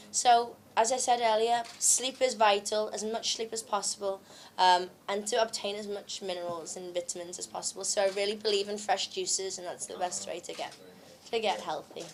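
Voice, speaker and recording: At a press launch, a young woman from the UK, an actress slightly under the weather from traveling, answers questions in a chatty way with lots of fillers and frequent laughter. Her voice sits at medium pitch, with slight background noise.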